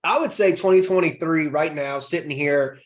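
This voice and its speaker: A man in his thirties, a podcast guest, talking in an energetic motivational way with rhetorical questions. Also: on the high side, moderate pace. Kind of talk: motivational interview talk.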